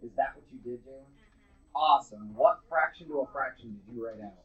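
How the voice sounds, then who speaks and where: A man's voice: medium pitch, a little fast. A man teaching a math class live in a classroom. He talks casually and bluntly, with jokes for his students. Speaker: middle school math teacher. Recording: dull lo-fi classroom recording.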